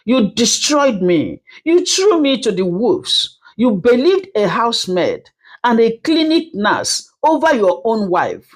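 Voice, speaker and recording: A woman voicing a deeply hurt wife who speaks slowly with a shaking voice, firm in refusing her husband. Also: very animated, full character voice. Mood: hurt resolute. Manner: slow, voice shaking. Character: wounded wife, firm through tears.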